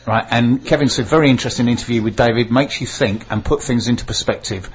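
Husky radio host. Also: male voice, medium pitch, quick pace, lo-fi sound. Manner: chatty, reads notices aloud with fillers and stumbles. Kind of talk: casual radio chat, reading announcements.

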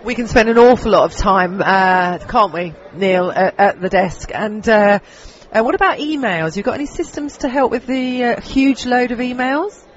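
A man's voice: sits high, normal speed, fairly bright tone. Male interviewer with a head cold, chatty, slightly dull recording with faint noise. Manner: chatty, friendly questions.

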